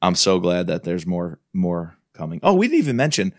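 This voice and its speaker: Man, deep voice, enthusiastic podcast co-host, dry recording. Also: wildly swooping pitch, normal speed, dry recording. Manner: enthusiastic, reads quotes aloud. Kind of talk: casual book review chat.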